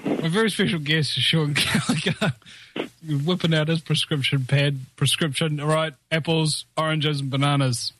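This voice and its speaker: A man's voice: fairly high pitch, moderate pace, fairly bright tone, slight background noise. A man hosting a radio talk show, chatting casually in a rambling, joking way with many fillers.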